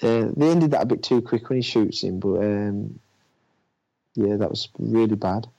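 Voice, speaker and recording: A man's voice: lowish voice, normal speed, vocal fry, dark tone. A man in casual chat about films, talking hesitantly with many fillers and restarts. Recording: dull lo-fi audio.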